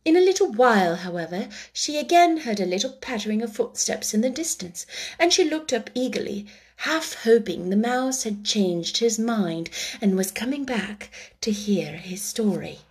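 A woman reading a children's book aloud, then chatting casually with animated, laughing asides. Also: fairly high pitch, normal speed. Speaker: storyteller.

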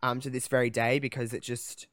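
A young man talks through a deeply personal story on a podcast, candid and emotional, pausing on fillers and restarts. His voice sits at an everyday pitch, recorded close and dry with no room sound around it. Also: flat delivery, fairly bright tone, dry recording. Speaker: podcast host.

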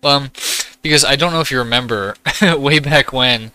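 A young man hosting a casual podcast, relaxed and swearing freely as he chats. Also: mid-range voice, normal speed, clear, resonant tone, no echo. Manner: relaxed, swears freely, eats while talking. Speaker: podcast host. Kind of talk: casual chat.

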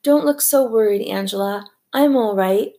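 A woman reading as a proud, fussy older secretary who leans on a crutch, in a storybook read aloud. She speaks in a prim, formal way, her voice pitched a little high. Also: normal speed, mellow, natural voice.

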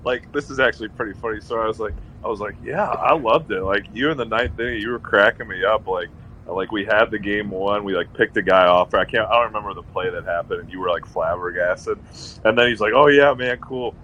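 A man's voice: on the low side, brisk, dull audio, a little hiss or hum. A man co-hosting a casual sports podcast, telling stories with lots of "like" and laughing at himself. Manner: animated storyteller, says "like" often, laughs at himself. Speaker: podcast co-host.

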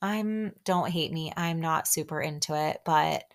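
A young woman talks through a reality show episode in a loose, chatty way, peppering her lines with "like" and small laughs. Her voice sits a little on the low side. She sounds like a podcast host catching up with friends. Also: unhurried. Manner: chatty, gushing, with frequent "like" and laughs. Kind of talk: casual recap chat.

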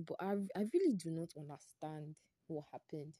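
A young woman with a Nigerian English accent tells a personal story on her podcast. She is animated and exclamatory and repeats phrases for emphasis. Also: lowish voice, normal speed, dry recording, clean studio sound. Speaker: podcast host.

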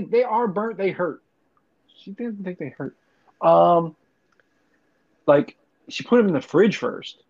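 A young man telling profane, rambling stories in casual podcast chat. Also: fairly high pitch. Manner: rambling, profane storytelling with laughs. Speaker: podcast co-host. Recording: dull lo-fi recording.

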